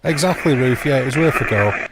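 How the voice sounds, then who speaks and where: A man's voice: mid-range voice, fairly quick. A man hosting a livestream, chatting casually and rambling with viewers by name, with dry self-mocking humour. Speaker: livestream host. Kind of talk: casual chat with a live chat. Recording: loud background noise.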